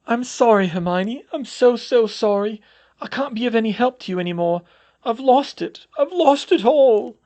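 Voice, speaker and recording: A man voicing a distraught middle-aged woman teacher who rambles in halting, broken sentences and sobs. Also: high voice, lively intonation, voice pushed up. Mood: sobbing. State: sobbing.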